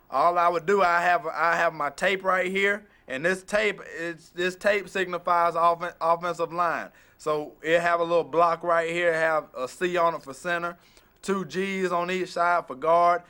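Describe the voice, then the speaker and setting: A man's voice: on the high side, bright, forceful tone. A man coaching football, explaining ball security drills on a practice field, often repeating and restarting phrases as he talks. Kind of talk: instructional drill demonstration.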